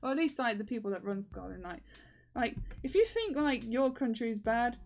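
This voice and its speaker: A woman talks through a casual video diary, her voice sitting a little high. She rambles, piles up fillers and breaks into laughs often, with soft music faintly underneath. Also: animated, moderate pace. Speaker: video diarist.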